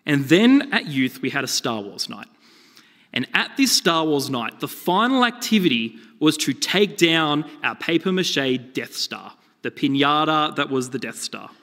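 A man preaching a sermon, telling stories with lively, shifting emphasis. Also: a little high, a little slow. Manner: animated storytelling with shifting emphasis. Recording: long reverb of a hall.

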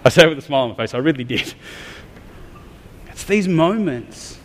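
A man's voice: a little high, lively intonation, moderate pace, a little hiss or hum. An Australian man preaching a sermon, talking candidly and conversationally with some humor. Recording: long reverb of a large hall.

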